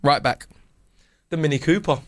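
A British man co-hosting a football chat show from a studio, his voice sitting a touch high. He laughs a lot and stumbles through quick restarts. The sound is close and dry, with no room around it. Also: dry recording. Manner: laughs often, stammering restarts. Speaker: podcast co-host. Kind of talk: casual banter.

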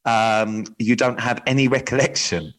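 A man co-hosting a laid-back podcast in a mid-range voice. He speaks hesitantly, fills gaps with pauses, and keeps a wry edge. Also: mid-range voice, steady tone, fairly bright tone, rough recording. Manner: hesitant, full of ums, wry. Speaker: podcast co-host. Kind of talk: casual podcast chat.

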